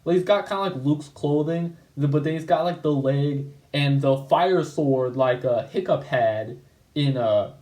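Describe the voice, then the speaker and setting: A man's voice: a little high, a little slow, a little mellow, reverberant, rough recording. A man hosting his own video channel, talking through his old comic in a loose, rambling way with lots of fillers and restarts. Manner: rambling, lots of "like" and self-corrections. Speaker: channel host. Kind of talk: casual video commentary.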